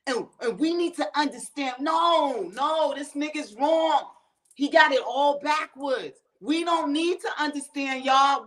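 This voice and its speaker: A woman's voice: sits high, fairly bright tone. A woman from the United States hosting her own show, ranting in a profane, fired-up commentary straight to her viewers. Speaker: show host.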